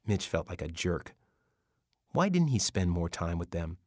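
A man narrating an audiobook novel in a measured storytelling manner. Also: deep voice, very animated, darkish tone, no room sound, clean studio sound. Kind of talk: scripted narration.

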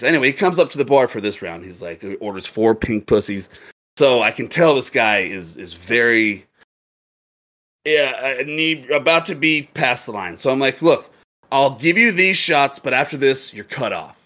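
Young adult man, gaming streamer; casual, profane storyteller with a very lively, swinging pitch. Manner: animated, profane, laughing storyteller.

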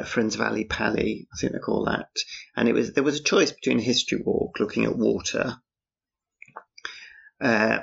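Wry man with a gravelly voice. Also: on the low side. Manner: wry, dryly sarcastic asides. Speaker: podcaster. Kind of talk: rambling casual monologue. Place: outdoors on a street at night. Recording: dull, muffled lo-fi recording.

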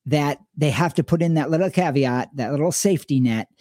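Mellow-voiced man telling stories on a podcast. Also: a little high, fairly quick, dry recording, studio quality. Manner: animated storyteller, acts out quoted voices. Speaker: podcast co-host. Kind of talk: casual podcast discussion.

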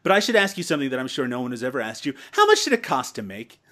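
A man's voice: medium pitch, very animated, very fast, pushed and bright. A man from Canada hosting a comedic podcast, teasing his guests in a mock-serious, joking way. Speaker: podcast host.

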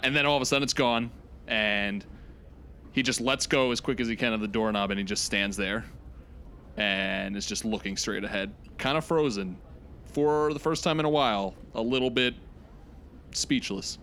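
A man playing a tabletop game, narrating his character's actions in deliberate, descriptive detail. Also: medium pitch, fairly even intonation, bright, forceful tone, slight background noise. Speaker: player.

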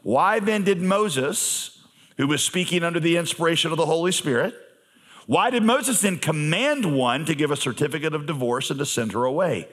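A man voicing incredulous Pharisees challenging a teacher, with sudden high-pitched protest. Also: lively intonation, moderate pace, a bit bright. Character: indignant male Pharisees challenging Jesus.

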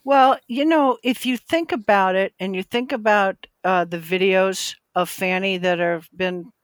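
Woman podcast co-host, relaxed storyteller, dry recording. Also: mid-range voice, measured pace, clean tone, no room sound. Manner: laid-back, storytelling with many fillers. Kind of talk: casual chat.

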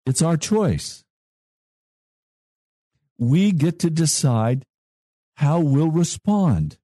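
Pastor, male, slightly high voice, measured sermon delivery with pauses. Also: very animated, mellow, no echo, clean studio sound. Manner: slow, measured preaching with long pauses.

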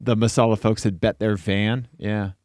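A man's voice: on the low side, level tone, a little mellow. A man co-hosting a podcast, chatting casually, laughing often and riffing on jokes. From Denver area. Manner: laughing, playful, quick riffs. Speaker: podcast co-host. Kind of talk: casual chat.

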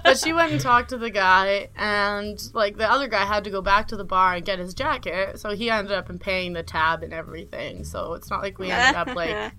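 A woman's voice: medium pitch, normal speed, bright, forceful tone. A young woman telling a story in casual podcast chat, rambling, saying "like" a lot and laughing often. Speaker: guest storyteller.

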